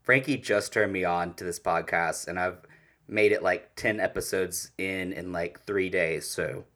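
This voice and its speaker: A man co-hosting a podcast in casual chat, playful and teasing, animated when he retells stories. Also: low-pitched, unhurried. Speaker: podcast co-host.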